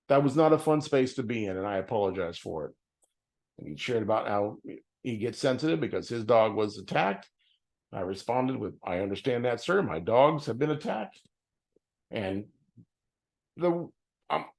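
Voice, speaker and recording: A man's voice: mid-range voice, vocal fry, a little mellow. A middle-aged man telling a personal story in an earnest, emotional way, often repeating phrases for emphasis. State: tearful at times. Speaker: vlogger.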